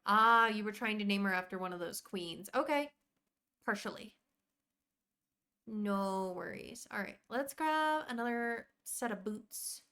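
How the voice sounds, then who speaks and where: A woman's voice: medium pitch, expressive, measured pace, clean tone. Chatty woman streaming a game. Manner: chatty, rambling, warmly greets viewers by name. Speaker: live streamer. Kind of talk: casual live-stream chat while playing.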